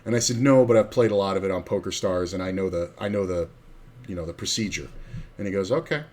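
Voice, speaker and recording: Casual, rambling low-voiced male streamer. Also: fairly even intonation, fast, darkish tone. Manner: profane, rambling anecdotes with acted-out quotes. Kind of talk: casual storytelling on a poker stream.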